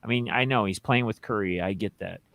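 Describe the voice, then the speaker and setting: A man's voice: fairly low pitch, brisk, gravelly, fairly bright tone, no room sound. A man hosting a casual sports podcast, rambling through opinions and reading out listener questions. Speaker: podcast host.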